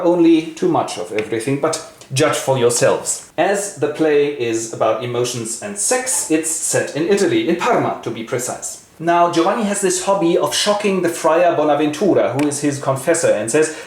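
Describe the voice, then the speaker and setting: A man's voice: a little high, expressive, moderate pace. A man narrating a play summary as host, with dry, ironic asides. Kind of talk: wry scripted literary retelling. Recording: echoey room, faint hiss.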